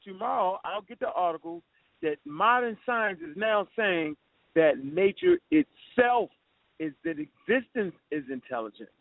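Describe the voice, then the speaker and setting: High, gravelly man caller, combative, lively pitch, dry phone line. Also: measured pace, no echo. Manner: combative, interrupting, casual slang. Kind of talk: heated phone debate.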